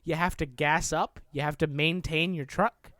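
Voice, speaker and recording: A man's voice: on the high side, fairly even intonation, moderate pace, pushed and bright, no echo, studio quality. A man hosting a casual gaming podcast, rambling and playful with lots of fillers. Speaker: podcast host.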